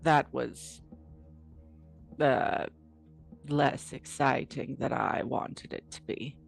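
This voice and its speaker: A woman playing a tabletop role-playing game, describing her actions in an unhurried, dry way. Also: extremely low pitch, steady tone, creaky, soft background music. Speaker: player.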